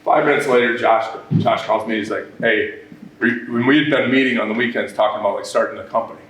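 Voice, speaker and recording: A business owner at a workshop tells the audience a long, rambling story of how he got started, animated and full of restarts and quoted remarks. He has a mid-range voice and talks fast. The room echoes, the mic is distant, and there's slight hiss or hum.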